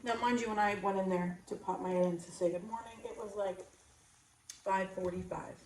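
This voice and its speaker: A middle-aged woman co-hosting a casual livestream, telling a lively story and laughing often. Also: medium pitch, fairly quick, recorded from a distance, a little hiss or hum. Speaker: co-host. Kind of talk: casual chat to a livestream audience. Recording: echoey room, a little off-mic.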